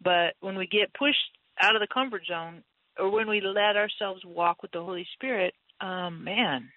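A woman's voice: mid-range voice, moderate pace, dry recording. A woman guest in a casual faith conversation, candid and laughing often as she acts out her own voice in stories. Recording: tinny phone-like line, dry.

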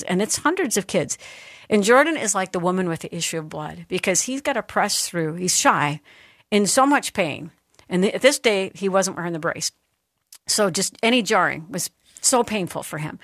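A middle-aged woman hosting a faith talk show, telling a story in a lively, expressive way. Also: fairly low pitch, no echo, studio quality. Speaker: host.

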